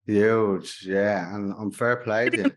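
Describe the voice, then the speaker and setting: An Irish man hosts a relaxed podcast interview with a somewhat low voice. He backs his guest with quick affirmations and speaks loosely, dropping in the odd swear. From Ireland. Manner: encouraging, brief affirmations, swears casually. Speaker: podcast host. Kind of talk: casual interview chat.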